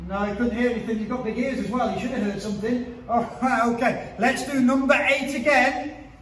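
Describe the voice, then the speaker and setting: A man's voice: very high-pitched, steady tone, brisk, fairly bright tone, a little hiss or hum. A man, a martial arts instructor, teaching a children's class to camera in an upbeat, playful way, counting drills and joking. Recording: echoey hall, far from the mic.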